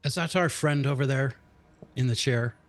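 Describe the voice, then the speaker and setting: A man's voice: mid-range voice, moderate pace, no room sound. Matter-of-fact male player, dry sound. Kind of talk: tabletop game play.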